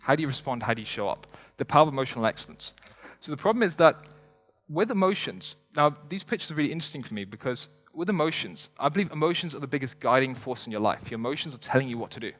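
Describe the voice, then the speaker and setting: A young man rattles through a motivational stage talk at a brisk clip. He stays energetic and conversational and tosses joking asides to the crowd. His voice rings out with a long reverb in a big hall. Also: mid-range voice, faint music behind. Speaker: motivational speaker. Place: stage before a live audience in a large hall.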